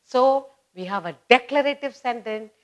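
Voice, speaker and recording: A woman explaining an English grammar lesson, slowing down and stressing key words as she teaches. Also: a little high. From India.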